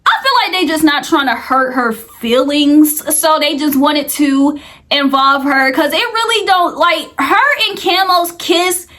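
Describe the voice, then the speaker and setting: High-voiced chatty woman recapping. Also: a little slow, sharp tone. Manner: chatty, rambling, lots of "like" and "it's just like". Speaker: reality TV recap host. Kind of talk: casual recap commentary.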